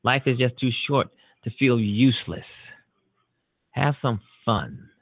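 A man's voice: medium pitch, slow pace, no echo. A male talk show host speaks with earnest conviction, repeating himself and padding his lines with fillers. The sound is thin and phone-like, and bone dry with no room at all. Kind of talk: closing monologue of a call-in show. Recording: dry, tinny phone-like audio.

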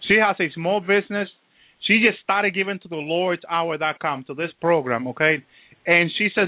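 A slightly high, brisk male voice preaches with no room sound, over what sounds like a tinny phone line. His sermon is repetitive and filled with constant hallelujahs and praise interjections.

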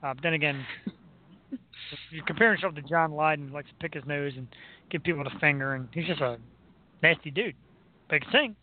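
A man hosting a casual chat about music, goofy and quick to break into silly imitations. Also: on the high side, a little hiss or hum. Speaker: podcast host. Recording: tinny phone-line sound.

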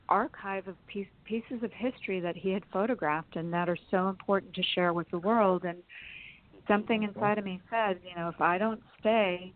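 A woman being interviewed, telling long personal stories in a chatty way and laughing often. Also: mid-range voice. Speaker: interview guest. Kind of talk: storytelling in a phone interview. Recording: phone-line sound.

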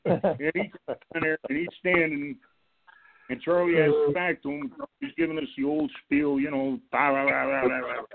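A man, a former football coach, calling in to a radio show and telling lively stories about his old players and staff. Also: on the high side, moderate pace, gravelly. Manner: animated storyteller, acts out quotes, laughs along. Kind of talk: telling anecdotes on a call-in show. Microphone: telephone. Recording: tinny phone line.

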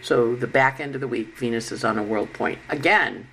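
A woman talking through her weekly astrology forecast, animated and chatty, slipping into little voices for the planets, while unwell. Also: rumbling low, slight background noise, poor audio. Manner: animated, acts out planets' voices in quick asides. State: unwell with covid.

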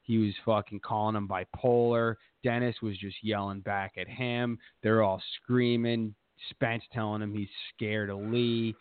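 A man's voice: lowish voice, little pitch movement, unhurried, few pauses, clean tone, no echo. A man hosting a podcast, telling a rambling, profane story in a boastful casual way. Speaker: podcast host. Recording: tinny phone-like dry sound.

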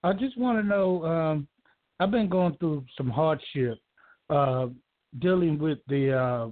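A man from Georgia calling in to a talk show, speaking emotionally in a halting, rambling way with many restarts. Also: fairly high pitch. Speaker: caller. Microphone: telephone. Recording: tinny phone line.

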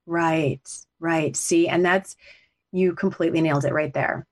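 A woman's voice: sits low, fairly even intonation, a little slow. A middle-aged woman, a coach and author, telling a personal story in an earnest, heartfelt way on a podcast. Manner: earnest, heartfelt, talks through tears at times.

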